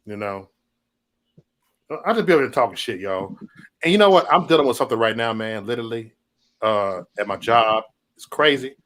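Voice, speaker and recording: A man's voice: mid-range voice, expressive, fairly quick, pauses often, a bit bright. A man hosting a casual livestream from home, talking in loose, profane, laughing banter. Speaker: livestream host.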